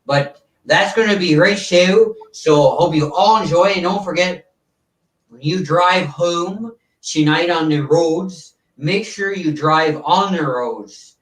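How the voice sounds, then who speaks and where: A man's voice: on the high side, slow pace, a bit bright. A man putting on a stiff, showy older TV variety host who announces his acts in a stagey voice. The sound is roomy and a little distant from the mic.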